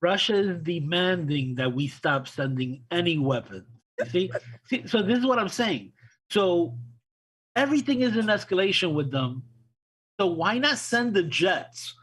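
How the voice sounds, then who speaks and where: A man's voice: sits high, big pitch swings, a little slow, fairly bright tone, husky, low-quality recording. A man co-hosting a casual political chat, wry and a bit hesitant with restarts.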